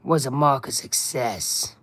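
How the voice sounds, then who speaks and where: A man doing a slow, menacing Kingpin. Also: mid-range voice, lively intonation, fairly bright tone, pitched below the performer's own voice. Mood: scornful. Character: imposing male crime boss, menacing and measured. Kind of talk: reading game dialogue aloud in character.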